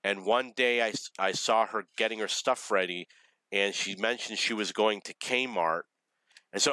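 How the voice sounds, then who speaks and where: An adult man earnestly telling a personal story in a halting monologue, with many pauses and restarts. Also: fairly low pitch, animated, sharp tone, no room sound, rough recording. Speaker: vlogger.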